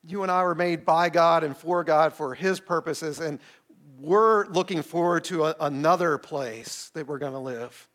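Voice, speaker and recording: A pastor with a bright, high voice preaches at a moderate pace during a streamed service, speaking to the online chat. He's relaxed, conversational and a bit playful, often posing questions to his listeners and then answering them himself.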